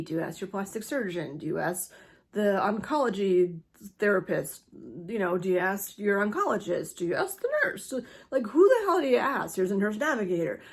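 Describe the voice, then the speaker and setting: A woman talking candidly to the camera in a personal vlog, rambling and restarting, swearing and laughing through her frustration. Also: mid-range voice. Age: adult, not yet menopausal. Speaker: vlogger sharing her cancer journey.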